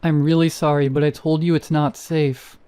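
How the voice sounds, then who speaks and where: A man voicing a trapped girl who turns out to be a mimicking creature, pleading and then eerily calm, with a raspy whisper. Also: a little high, moderate pace, natural voice. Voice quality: raspy whisper in its eerie moments.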